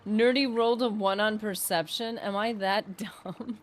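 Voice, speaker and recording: A woman's voice: medium pitch, fairly even intonation, unhurried, soft background music. A woman game streamer chatting casually while she plays, rambling, trailing off and poking fun at herself. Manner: chatty, rambling, self-deprecating, trails off and restarts. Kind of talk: casual livestream chat while gaming.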